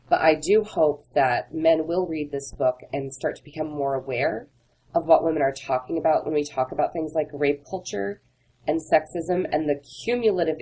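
A low-pitched woman speaks as an author being interviewed, recounting personal stories in an earnest, candid way. Her delivery is conversational and direct. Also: warm tone, husky, poor audio.

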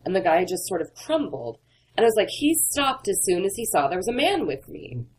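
A woman's voice: mid-range voice, sing-song, fairly quick, a little mellow, slight background noise, rough recording. A woman author in an interview, talking earnestly and candidly through personal stories. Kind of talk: interview conversation.

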